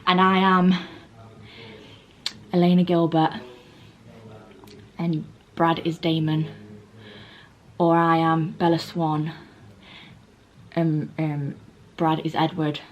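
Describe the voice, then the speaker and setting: A woman's voice: low-pitched, flat delivery, takes it slowly, long pauses, dull audio. Vlogger, young woman, rambling casual chat, handheld phone, faint background hiss. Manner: chatty, rambling, laughs often, lots of "um". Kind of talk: casual chatty vlog.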